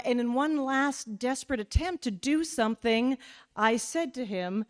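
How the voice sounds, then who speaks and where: A woman's voice: on the high side, lively intonation, a little slow. A woman from Calgary, Canada, telling a self-deprecating comic story on stage to a live audience and acting out the dialogue.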